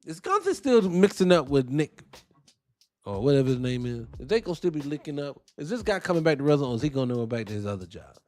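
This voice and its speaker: This wrestling podcast host has a fairly high voice and talks fast. He's animated and blunt, swearing freely as he shares opinions in casual commentary and talks back to the people in his chat.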